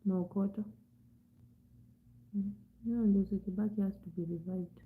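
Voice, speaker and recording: A woman chats on her livestream in a loose, repetitive way, swinging from louder remarks to near-whispers. Her voice sits in a middle pitch, and the sound is thin and tinny, like a phone line. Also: fairly even intonation, normal speed. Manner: chatty and repetitive, drifting between loud and hushed. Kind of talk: casual live chat.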